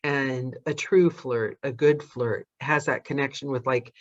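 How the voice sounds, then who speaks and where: A woman's voice: extremely low pitch, fairly even intonation, unhurried, dry recording, dull audio. A woman from Los Angeles hosting a casual chat, bubbly and flirtatious, laughing often. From Los Angeles, United States. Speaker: podcast host.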